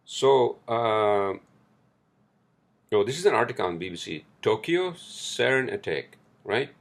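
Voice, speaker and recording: A man's voice: lowish voice, lively intonation, measured pace. A man hosting a solo podcast, rambling and swearing heavily as he rants about the news, then reading an article aloud. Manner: profane, ranting, rambling with restarts. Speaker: podcast host.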